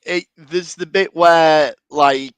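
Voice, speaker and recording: A man's voice: on the high side, steady tone, slow pace, clean tone, no room sound. A man co-hosting a podcast in casual chat, retelling scenes in mock voices. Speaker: podcast co-host.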